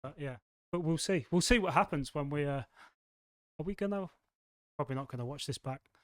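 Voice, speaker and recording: English guy cohosting a podcast, rambly and animated, kinda high voice. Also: brisk, dry recording. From England. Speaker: podcast co-host. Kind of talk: casual chat. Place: studio.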